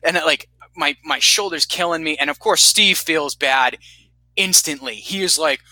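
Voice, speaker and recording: A man in his thirties from Vermont casually telling animated, profane stories about his army days. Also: fairly high pitch, normal speed, dry recording, rough recording. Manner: profane, animated storyteller who acts out quotes. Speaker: guest telling war stories. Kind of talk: casual storytelling.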